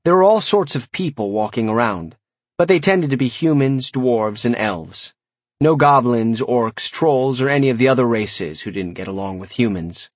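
A man's voice: medium pitch, expressive, moderate pace, no room sound. Wry man narrating a fantasy audiobook. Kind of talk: first-person fantasy narration.

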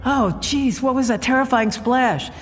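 A woman voicing a panicked noblewoman at a fancy dinner, with frantic, high-pitched pleading. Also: a little slow, big-room sound, soft background music.

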